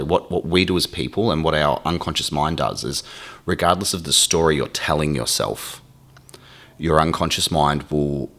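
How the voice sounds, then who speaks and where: Aussie guy with a super low voice, talks open and raw, swears a lot. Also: fairly bright tone. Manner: emotional, swears freely, acts out his inner voice. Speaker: podcast guest. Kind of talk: candid conversation.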